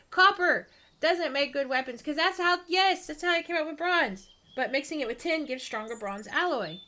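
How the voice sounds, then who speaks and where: A woman chats casually with her viewers, rambling and poking fun at herself. She laughs often. Her voice sits a bit high and rings bright. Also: big pitch swings, normal speed. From East Texas. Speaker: streamer reading viewer comments. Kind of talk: casual chat.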